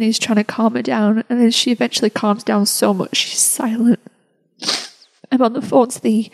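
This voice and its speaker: A woman podcast host telling a personal story in an emotional, halting way, with many restarts. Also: on the high side, warm tone, rough recording.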